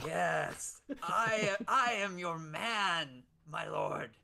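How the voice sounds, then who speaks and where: A man's voice: high voice, drawn-out words, vocal fry, sharp tone, full character voice. A man voicing a skinny, fawning peasant rope maker who stammers eagerly. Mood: greedy.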